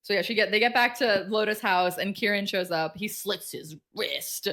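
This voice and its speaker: A woman co-hosting a book club podcast, chattily retelling a novel's plot and quickly acting out the characters' lines. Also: mid-range voice, steady tone, a bit bright.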